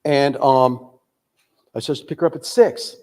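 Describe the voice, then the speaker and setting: A man's voice: medium pitch, steady tone, normal speed, a little mellow. Older man sharing his recovery story. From United States. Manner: candid, storytelling, many "um"s. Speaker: recovery speaker. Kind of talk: recovery testimony talk.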